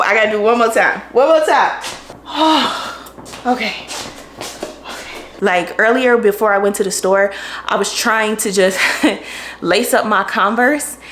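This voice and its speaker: A woman's voice: medium pitch, fairly bright tone, a little hiss or hum. Tired, breathless woman in an echoey kitchen. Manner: tired, chatty, laughing often. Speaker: vlogger. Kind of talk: casual vlog chat. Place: home kitchen, indoors. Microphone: camera on tripod. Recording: roomy kitchen echo.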